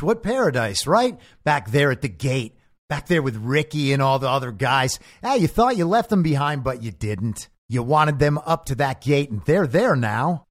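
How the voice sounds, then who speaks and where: A male podcast host delivers a commentary monologue in a lively, animated voice. His pitch moves around a lot and sits a little above average, and his tone is pointed and sarcastic.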